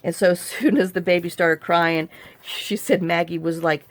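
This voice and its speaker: In a dry recording, a middle-aged woman hosting a crafting video talks in a lowish, steady voice at a moderate pace. She rambles and chats to herself as she works, casual tutorial style.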